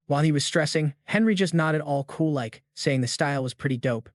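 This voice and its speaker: A man's voice: on the high side, a little fast, few pauses, dry recording, studio quality. A man narrating a comic story recap in a casual, slangy way.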